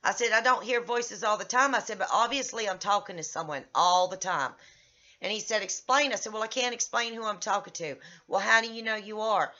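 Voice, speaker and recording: A middle-aged woman vlogging about a therapy session, agitated and venting, her voice rising in loud bursts. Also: medium pitch, fairly quick. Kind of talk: personal vlog recounting. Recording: slightly dull lo-fi audio.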